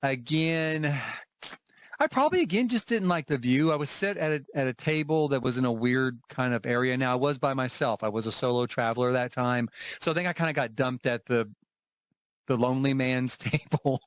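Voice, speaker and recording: A chatty man from Oklahoma talks to camera for his travel vlog. He rambles through asides and restarts in a fairly high voice. The recording is dry, with no room echo. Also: lively intonation, a little fast. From Oklahoma, USA. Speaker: travel vlogger. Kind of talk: casual talking-to-camera travel review.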